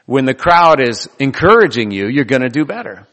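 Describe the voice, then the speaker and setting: A man's voice: medium pitch, big pitch swings, brisk, a bit bright, in a large hall. A man preaching a sermon in a loose, conversational way, joking and laughing between his points. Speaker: pastor.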